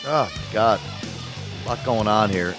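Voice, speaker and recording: A man's voice: on the low side, measured pace, over music. A man hosting a podcast, chatting casually in a rambling way, swearing and repeating himself. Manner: rambling, profane, repeats words. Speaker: podcast host. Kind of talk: casual chat.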